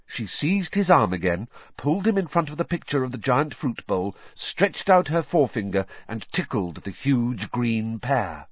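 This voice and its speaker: A man narrating an audiobook, expressive and animated in his storytelling, his pitch moving a lot. His husky voice comes through on a dull, dry recording. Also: moderate pace, few pauses, no echo. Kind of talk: scripted narration.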